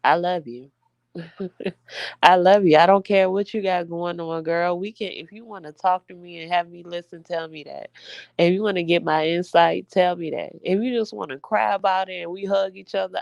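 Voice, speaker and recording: A woman's voice: on the low side, vocal fry, no echo, studio quality. A young woman venting to her viewers in a casual, emphatic heart-to-heart, addressing them as y'all. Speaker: vlogger.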